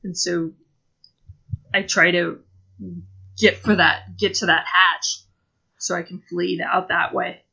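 A woman's voice: fairly low pitch, level tone, takes it slowly, gravelly, long pauses, bright, forceful tone, breathy edge, muffled recording. A woman playing a tabletop game, describing her character's actions casually in first person with lots of fillers. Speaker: player.

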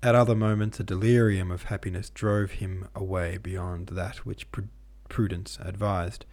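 Male host-narrator for a classic novel, measured delivery, low and warm. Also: flat delivery. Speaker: podcast host and reader. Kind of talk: audiobook reading of a classic novel.

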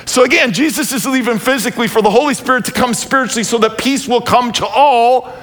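A man preaching a sermon in a church, animated, reading scripture aloud and asking the congregation questions, shifting between loud exclamations and quiet asides. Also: very high voice, quick pace. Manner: reads scripture aloud and asks the audience questions. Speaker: pastor.

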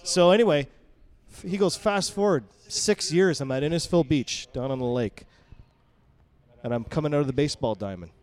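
A man co-hosting a podcast, telling a profane, animated family story in casual chat. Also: on the high side, normal speed. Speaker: podcast co-host.

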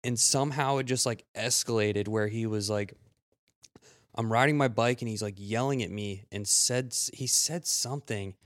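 A man in his thirties tells rambling stories on a podcast, swearing freely. His voice sits at a middle pitch. The sound is dry and close, with no room echo. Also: normal speed. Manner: rambling storyteller, swears often, jumps up in pitch when quoting. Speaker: podcast co-host. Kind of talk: casual chat.

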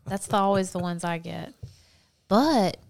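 Animated, laughing woman. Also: medium pitch, unhurried, gravelly. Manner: animated storyteller, laughs often, swears casually. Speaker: podcast co-host. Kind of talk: casual chat.

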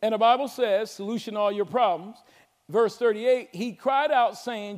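A man preaching a sermon as pastor, with a Southern American accent and call-and-response delivery that builds to shouts. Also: sits high, moderate pace. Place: large church sanctuary. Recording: long hall reverb.

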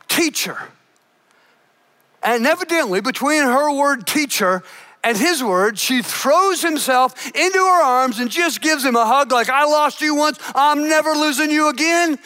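Bright high-voiced preacher with shouted emphasis. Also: male voice, expressive, measured pace. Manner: dramatic storytelling with shouted emphasis and playful asides. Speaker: pastor. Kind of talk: sermon.

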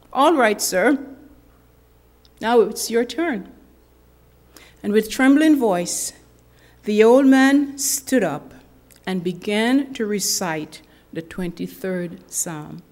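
A woman giving a sermon to a church women's ministry, telling an illustration in a slow, deliberate, earnest way with dramatic pauses. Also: medium pitch. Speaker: speaker at a women's ministry gathering.

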